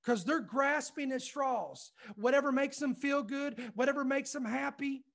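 High-pitched fervent male preacher. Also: normal speed, gravelly, fairly bright tone. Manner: fervent, emphatic, repeats "listen" and "I'm telling you"; restarts and stumbles when heated. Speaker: preacher and ministry host. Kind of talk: impassioned sermon.

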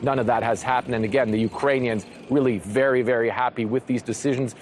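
A man giving a live field report as a foreign correspondent, brisk and informal in his delivery. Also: mid-range voice, steady tone, slight background noise.

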